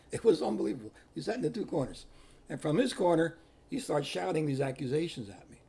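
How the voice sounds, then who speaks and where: An older man, a priest telling personal stories in an animated way, acting out what people said. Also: on the high side, a little fast, creaky, breathy edge. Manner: animated, repeats himself, acts out quotes. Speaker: Catholic priest. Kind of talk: personal storytelling.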